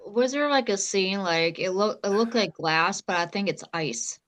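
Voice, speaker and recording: A woman's voice: mid-range voice, animated, normal speed, a bit bright. A woman co-hosting a podcast, chatting loosely about a horror film with lots of fillers. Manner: loose, filler-heavy reactions. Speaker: podcast co-host. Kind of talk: casual chat.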